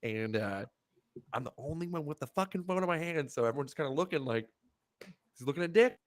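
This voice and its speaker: A man's voice: medium pitch, animated, quick pace, no echo, clean studio sound. A middle-aged man co-hosting a podcast, telling a story with lots of swearing and animation. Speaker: podcast co-host. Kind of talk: casual podcast chat.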